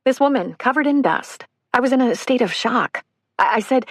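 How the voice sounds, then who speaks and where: A woman's voice: fairly high pitch, lively intonation, moderate pace, no room sound, clean studio sound. A woman narrating a survivor's first-person account for an audiobook, earnest and emotional.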